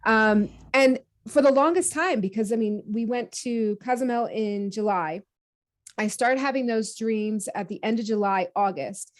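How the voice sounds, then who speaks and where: A woman's voice: a little high, measured pace. Chatty woman telling a story. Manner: lively, acts out her own quoted thoughts; many fillers and restarts, laughs easily. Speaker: podcast guest. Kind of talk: casual conversational storytelling.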